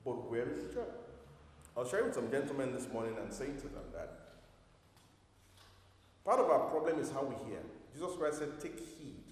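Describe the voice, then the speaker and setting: A man's voice: medium pitch, sing-song, moderate pace, long pauses. A man preaching a sermon to his congregation, emphatic, full of rhetorical questions. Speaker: pastor. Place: church hall. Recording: echoey hall from far off.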